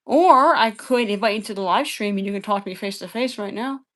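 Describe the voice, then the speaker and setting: A woman's voice: medium pitch, brisk, fairly bright tone. Profane, combative woman arguing with chat. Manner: repeats phrases over and over. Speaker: livestream debater. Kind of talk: heated livestream argument with chat.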